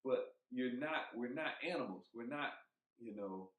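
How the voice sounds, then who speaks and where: A man co-hosting a podcast, talking in a heated, emphatic way, swearing freely and thinking out loud with restarts. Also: mid-range voice, expressive, unhurried. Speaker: podcast co-host. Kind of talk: casual podcast chat. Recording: roomy echo.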